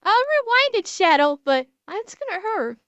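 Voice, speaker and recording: A woman's voice: very high-pitched, big pitch swings, normal speed, a bit bright, dry recording, lo-fi sound. A woman streamer reacting to videos in casual commentary, emotional and exclaiming, close to tears and swearing.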